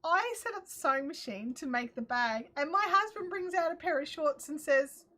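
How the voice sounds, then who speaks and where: A woman with an Australian accent hosting a live craft chat, chatty and quick to laugh as she answers viewer comments. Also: high voice, animated, bright, forceful tone. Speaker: host.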